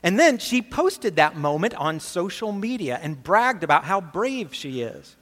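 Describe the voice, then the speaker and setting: Man, pastor, earnest emphatic sermon, rhetorical questions, fairly high voice, long hall reverb. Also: big pitch swings, measured pace, fairly bright tone.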